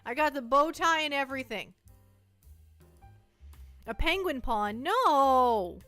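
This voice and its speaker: A woman's voice: high-pitched, animated, slow, pushed and bright, no room sound, faint music behind. A woman live streamer chatting casually in a playful, rambling, self-mocking way, jittery from too much caffeine, at home on a close mic. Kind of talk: casual chat to a live audience.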